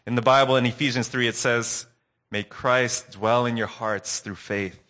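A man preaching a sermon recap, earnest and telling a story with dramatic pauses. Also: mid-range voice, fairly even intonation, pushed and bright.

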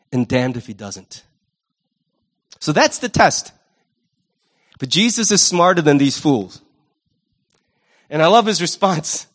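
A male pastor preaching a sermon in an animated, wry way, often jumping into quoted voices. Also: high voice.

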